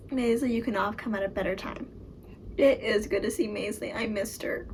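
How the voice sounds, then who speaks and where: A young woman chatting casually as she reacts to a book she is reading, emotional and quick to exclaim. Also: mid-range voice, slight background noise, low-quality recording. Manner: emotional, exclaims and gasps at the story.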